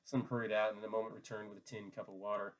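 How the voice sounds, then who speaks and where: A man narrating a classic novel in a measured, steady reading voice that sits on the low side. He keeps the narration even and plain between the characters' lines. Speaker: audiobook reader. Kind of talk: novel read aloud.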